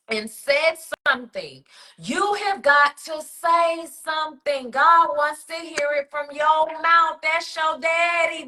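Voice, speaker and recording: A woman's voice: sits high, pushed and bright. A woman hosting a faith talk podcast, speaking in an emphatic, preacherly way with lots of repetition. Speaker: podcast host.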